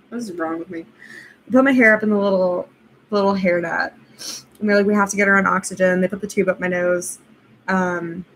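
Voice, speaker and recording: A woman's voice: medium pitch, a bit bright, slight background noise, rough recording. A young woman vlogger casually telling a personal story, rambling with lots of fillers and laughing at herself.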